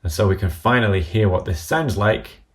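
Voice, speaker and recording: A man calmly explaining an app step by step in a screen-recorded tutorial voice-over. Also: fairly low pitch, moderate pace, a little hiss or hum.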